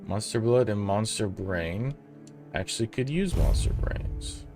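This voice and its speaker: Relaxed male gamer, offhand play commentary, light music underneath. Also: on the low side, a little slow. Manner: relaxed, thinking aloud, offhand swearing. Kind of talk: casual let's play commentary.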